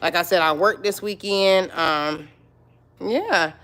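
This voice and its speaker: A chatty woman chats casually on her livestream in a slightly low voice. She loops back over the same phrases and keeps checking in with her viewers. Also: slow, a bit bright. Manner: chatty, repeats phrases, addresses viewers as y'all and you guys. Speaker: lifestyle vlogger on a livestream. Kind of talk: casual live-stream chat.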